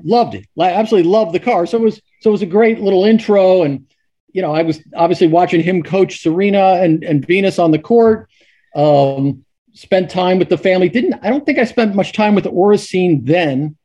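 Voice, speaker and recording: A man's voice: high voice, moderate pace, warm tone, muffled recording. A middle-aged man, a sportswriter guest, telling stories casually with many restarts and fillers. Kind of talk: casual storytelling.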